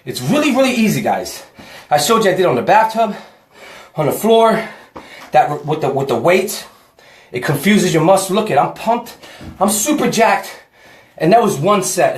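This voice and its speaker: A man vlogs a home workout, a bit breathless and chatty as he talks to the camera. His voice sits slightly high, and the room around him echoes. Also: very animated, moderate pace. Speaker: fitness vlogger. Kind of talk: casual home workout vlog.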